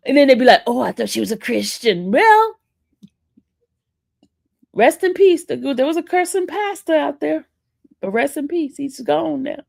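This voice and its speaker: A woman's voice: high voice, sing-song, normal speed, creaky, pauses often, darkish tone, no room sound, studio quality. A woman with an East Coast American accent hosting a casual livestream, teasing and sassing her chat. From northern US. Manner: sassy, teasing, talks back to chat. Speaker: livestream host.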